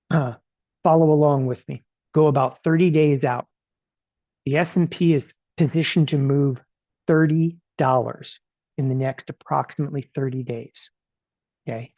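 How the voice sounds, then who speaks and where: A man teaching options trading in a live webinar. He talks in an animated, rapid-fire way and keeps asking "okay?" after every point. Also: on the high side, no echo, lo-fi sound.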